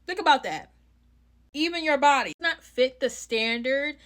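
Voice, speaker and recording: New york girl going off on her phone, cussing a lot, kinda high voice. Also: lively intonation, a little slow, fairly bright tone. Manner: blunt, profane, heated. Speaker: clown content creator. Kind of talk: casual ranting vlog.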